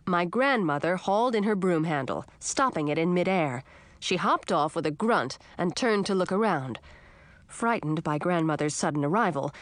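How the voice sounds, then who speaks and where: A woman's voice: fairly low pitch, no echo. A woman narrating a fantasy storybook in the first person, reading expressively. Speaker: audiobook narrator.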